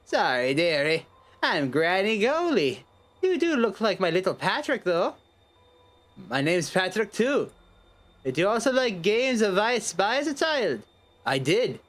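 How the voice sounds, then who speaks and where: A man's voice: sits high, big pitch swings, measured pace, a bit bright, exaggerated voice. A man voicing an eerie, doomsaying old grandmother in a game, sweet yet ominous. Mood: creepy.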